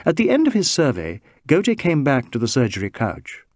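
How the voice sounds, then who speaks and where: A man reading a novel aloud as narrator, in a measured, expressive manner. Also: medium pitch, no echo. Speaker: audiobook narrator. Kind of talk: scripted narration.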